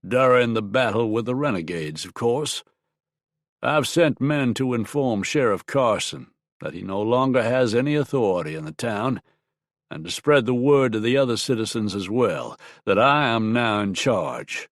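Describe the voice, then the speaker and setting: A man voicing a stern, scheming army colonel in an audiobook, with a sharp, strident, clipped delivery. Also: mid-range voice, expressive, no room sound, clean studio sound, natural voice. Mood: cold. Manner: cold, clipped, deliberate. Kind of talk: audiobook character voice.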